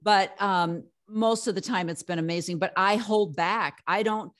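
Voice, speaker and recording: A woman's voice: medium pitch, normal speed. A woman hosting a casual conversation, chatting supportively with her guest. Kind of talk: casual chat.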